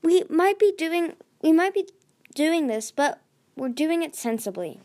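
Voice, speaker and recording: A woman doing Clay, a gentle young dragon. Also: high voice, lively intonation, unhurried, pitched above the performer's own voice. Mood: firm. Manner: gentle, earnest. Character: sturdy kindhearted young male dragon.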